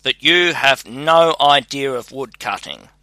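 An old woodcutter father who scolds and grumbles, quick to anger, as a man reads him aloud in a storybook. The voice is bright-toned and a little louder than the narration. It stays slow and sounds dry. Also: mid-range voice, no echo. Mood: scolding. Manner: scolding, exasperated storybook reading.

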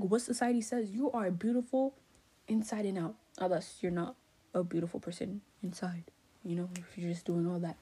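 A young woman with Haitian roots giving her opinions in a sassy, animated way, full of "like" and rhetorical questions. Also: a little high, breathy edge. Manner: sassy, animated, lots of fillers. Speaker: vlogger. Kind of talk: casual opinion rant.

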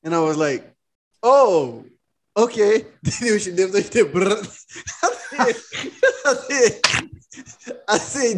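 A man co-hosting a casual podcast tells his side of a story in a loose, profane way, laughing as he goes. His voice sits fairly high for a man. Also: animated, slow pace, pauses often. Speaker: podcast co-host.

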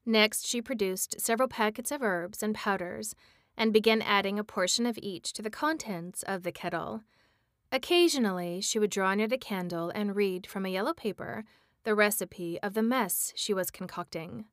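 A woman reading a classic children's story aloud at bedtime, steady and gentle. Her pitch is ordinary for a woman. The sound is dry and close with no room echo. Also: moderate pace. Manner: gentle read-aloud with playful asides.

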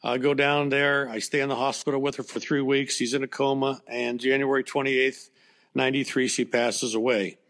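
A man's voice: mid-range voice, flat delivery, moderate pace, a bit bright. Plainspoken older man telling a story. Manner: plainspoken, conversational, many fillers and restarts. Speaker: former baseball coach, guest. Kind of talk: emotional storytelling in a podcast interview.

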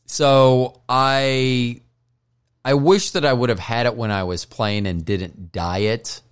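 A low-voiced man hosts his own podcast while high, drifting from joke to joke. He swears freely and keeps apologizing for himself in a loose, self-mocking ramble. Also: clear, resonant tone. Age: older. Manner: profane, joking, self-deprecating. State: stoned. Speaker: podcast host.

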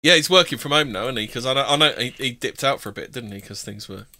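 A British man joins a casual livestream chat. He stumbles and repeats himself before landing his point. His voice has a bright edge and sounds dry and close. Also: mid-range voice, fast talker, no room sound. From Britain. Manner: stammering, trailing off into asides.

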